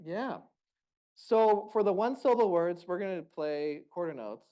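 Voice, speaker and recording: A man's voice: high voice, animated, unhurried, mellow. A man leading a group music workshop, giving encouraging, upbeat instructions.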